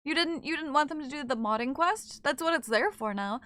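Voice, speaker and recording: A young adult woman streaming games, chatting casually and reading her chat aloud in quick, excited bursts. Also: high voice. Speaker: game streamer.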